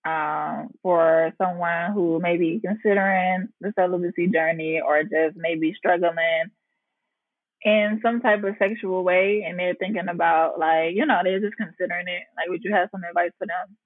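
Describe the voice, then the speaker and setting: A woman hosting a podcast in a relaxed, casual chat, laughing easily and using slang. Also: on the low side, normal speed, no echo, narrow, tinny audio. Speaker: podcast host.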